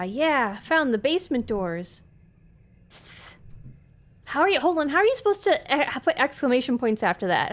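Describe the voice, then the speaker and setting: A woman streamer playing a game live, reading its dialogue aloud between chatty asides to her viewers at a desk mic. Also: a little high. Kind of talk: live let's play commentary.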